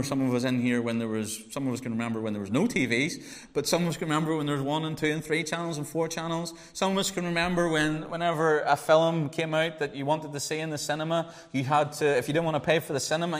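Pastor guy preaching, slightly high voice, lots of questions to the room, long church hall echo. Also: steady tone, quick pace. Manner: earnest, conversational preaching with rhetorical questions. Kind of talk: sermon with opening prayer.

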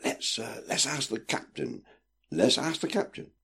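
A man's voice: mid-range voice, big pitch swings, measured pace, gravelly, bright, forceful tone, husky, pitched above the performer's own voice, exaggerated voice. A man voicing an impatient young girl who stammers and pleads, reading a storybook aloud. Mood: eager.

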